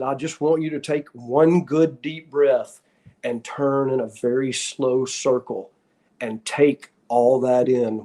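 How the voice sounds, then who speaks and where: Older man, slightly high voice, laid-back storyteller, chuckles, calls everyone man and dude. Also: dark tone. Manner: easygoing, chuckling, peppers talk with "man" and "dude". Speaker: guest, former referee. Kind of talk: casual storytelling.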